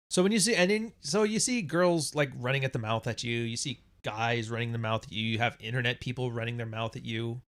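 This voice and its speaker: A man's voice: mid-range voice, fairly bright tone. Blunt, profane male podcast host. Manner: blunt, profane, laughs at his own jokes; acts out quoted voices. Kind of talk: casual monologue.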